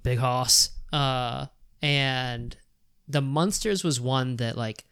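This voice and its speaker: A man's voice: medium pitch, takes it slowly, fairly bright tone, clear, resonant tone, no room sound. Guy cohosting a movie podcast, rambly, lots of likes and ums, dry close sound. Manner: rambling, full of "like" and "um", laughs often. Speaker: podcast co-host. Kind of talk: casual chat about films.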